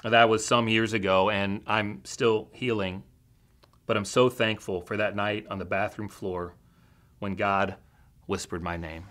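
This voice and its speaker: A man preaching a sermon as a teaching pastor in a church, with an earnest, measured storytelling delivery. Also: on the low side, fairly bright tone.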